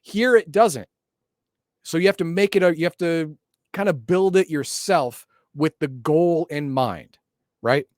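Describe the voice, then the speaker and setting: A man's voice: fairly high pitch, measured pace, a little mellow, no echo, studio quality. A man co-hosting a casual chat, explaining tabletop game lore in a loose, hedging way. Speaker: podcast co-host.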